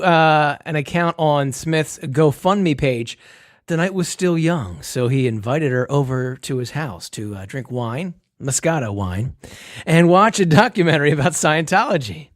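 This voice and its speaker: A joking man co-hosting a podcast, his voice sitting a little high. The sound is dry and close, with no room around it. He tells a story with plenty of laughs. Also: no echo. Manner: jokey storytelling, laughs often. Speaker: podcast co-host. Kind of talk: casual podcast chat, reading news stories.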